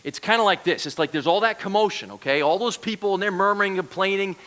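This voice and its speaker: A man's voice: sits high, fast talker, a bit bright. A man giving a conversational sermon as a guest preacher, asking the congregation questions. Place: church.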